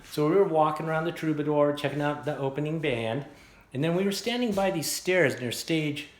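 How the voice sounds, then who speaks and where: A man's voice: on the high side, a little fast. Rambling man telling stories in an echoey room. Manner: rambling, animated, swears casually. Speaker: vlogger showing his guitars. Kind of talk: casual storytelling and show-and-tell. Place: room at home, guitar workshop.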